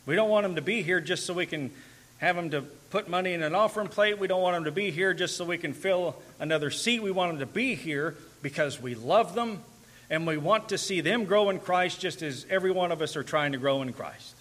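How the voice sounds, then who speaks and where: A man's voice: high voice, brisk, fairly bright tone. A man preaching a sermon in an earnest manner, building to emphatic and tender passages.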